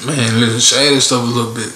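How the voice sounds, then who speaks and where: Bright-voiced man in casual banter. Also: mid-range voice, fast talker, reverberant, slight background noise. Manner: loose, profane, animated, jokey voice swings.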